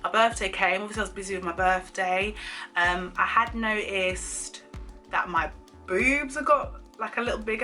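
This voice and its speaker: A young woman telling a personal story to camera in casual chat, animated and laughing often as she acts out quoted lines. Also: medium pitch. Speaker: vlogger.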